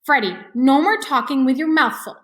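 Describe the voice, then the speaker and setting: A woman voicing a kind, gently scolding mother in a storybook read-aloud. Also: high-pitched, expressive, normal speed. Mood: gentle.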